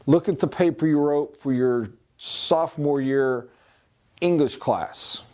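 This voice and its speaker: A man teaching a sales training class in a conversational way, sometimes putting on voices and accents to make a point, and pausing to write on a board. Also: a little high, darkish tone. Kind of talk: recorded training lecture.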